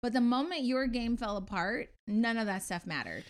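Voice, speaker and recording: A woman with a somewhat high voice tells a story to her co-host. She is animated and sarcastic and acts out other people's lines. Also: moderate pace. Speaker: podcast co-host. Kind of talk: casual chat.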